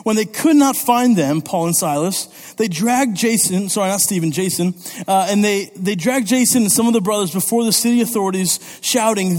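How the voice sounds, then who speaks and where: A man preaching a sermon as youth pastor, lively and conversational, often checking in with "okay?" and "all right?". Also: high-pitched, normal speed. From Italy. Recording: long reverb of a church hall.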